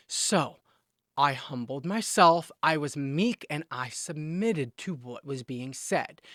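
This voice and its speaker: A man's voice: on the high side, fairly bright tone, no echo, studio quality. A man talking to camera in a casual advice monologue, emphatic and preachy, with scolding repetitions. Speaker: vlogger giving relationship advice.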